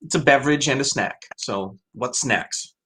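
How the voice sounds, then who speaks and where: A man's voice: medium pitch, normal speed, background noise. A man hosting a casual live-stream chat, speaking in a hesitant way with many restarts. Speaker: host.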